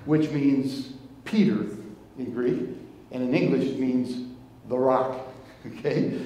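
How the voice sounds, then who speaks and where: A man preaching a conversational sermon as pastor, retelling a story in a halting way, repeating and restarting words and inviting listeners to join in. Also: mid-range voice, fairly even intonation, dark tone. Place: church sanctuary. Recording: long hall reverb.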